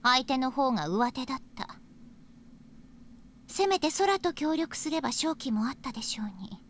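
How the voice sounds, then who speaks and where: An actress voicing a cold, scheming young woman in a game, speaking calmly and aloofly, sometimes half-whispering. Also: high-pitched, fast. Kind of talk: Japanese anime game voice acting.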